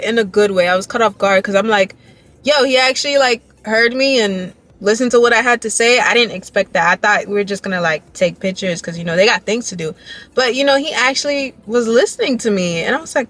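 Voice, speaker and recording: A young woman vlogging casually, telling an excited, rambling story full of "like" and "y'all". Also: mid-range voice. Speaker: dance vlogger.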